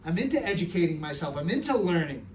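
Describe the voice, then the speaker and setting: A middle-aged man answers questions from a live audience in an earnest, streetwise way. His voice sits a little high for a man. It is picked up from across the room with faint background noise. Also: sing-song, fast, a little mellow, recorded from a distance. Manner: streetwise, earnest, tells stories with acted voices.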